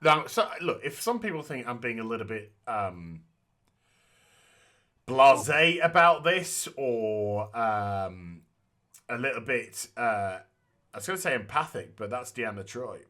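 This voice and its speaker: Blunt, animated man ranting. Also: mid-range voice, unhurried. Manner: blunt, animated and sweary, with frequent restarts. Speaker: podcast co-host. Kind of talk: casual podcast discussion.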